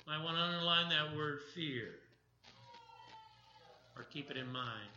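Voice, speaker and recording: Male pastor, animated sermon delivery, quizzes the congregation; echoey room. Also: on the high side, unhurried, long pauses, dull audio. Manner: animated preaching, questioning the congregation.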